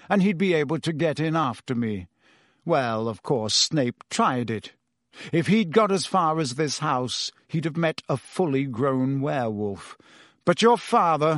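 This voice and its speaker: A weary, remorseful male teacher, as a man reads him in an audiobook. He talks heavily, confessing old faults with open self-disgust. The voice sits a little high and the sound is dry and close. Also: dry recording. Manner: heavy, confessional, self-reproaching. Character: weary, guilt-ridden adult male teacher. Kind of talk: audiobook character reading.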